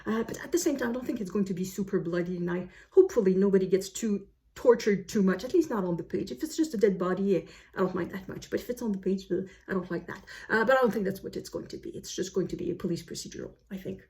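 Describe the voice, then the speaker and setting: A woman's voice: medium pitch, animated, quick pace, dark tone. A woman vlogger chatting casually about books she plans to read, full of fillers and self-corrections. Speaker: book vlogger. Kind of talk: casual book chat to camera. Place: home, snowy day outside.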